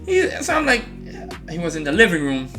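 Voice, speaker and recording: With music in the background, a man with a high voice speaks a little fast as he casually shares a personal story for a storytime vlog. He leans on "like" constantly and performs the voices of the people he quotes, keeping the retelling animated.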